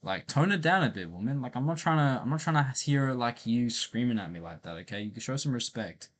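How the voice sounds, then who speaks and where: A man's voice: mid-range voice, expressive, a little fast. A man streaming a casual chat with an AI, talking in a blunt, teasing, slangy way.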